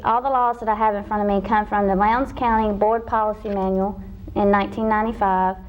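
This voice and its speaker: A young woman from Georgia on a student debate panel, reading legal policy points in a steady, formal way. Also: medium pitch, poor audio. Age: young adult. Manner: reads legal text steadily, speeding up through citations.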